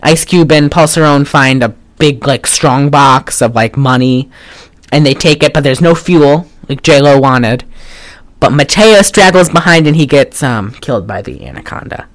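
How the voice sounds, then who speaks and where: A podcast co-host recaps a film in casual conversation, rambling, saying "like" a lot and tossing in wry, sarcastic asides. The voice is mid-range at normal speed, and the speaker often trails off and starts over.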